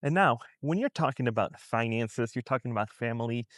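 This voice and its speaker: A man's voice: mid-range voice, lively intonation, brisk, dry recording, clean studio sound. A man vlogging about personal finance in casual commentary, talking to viewers in a conversational way and firing off rhetorical questions. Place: outside a store in a shopping district.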